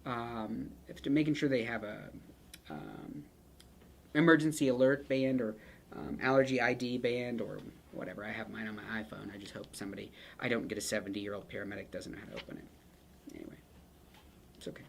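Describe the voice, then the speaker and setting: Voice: mid-range voice, a little fast, gravelly, a little hiss or hum. A nursing pharmacology instructor giving a casual lecture built on picture mnemonics, chatty and joking, with playful asides to the students.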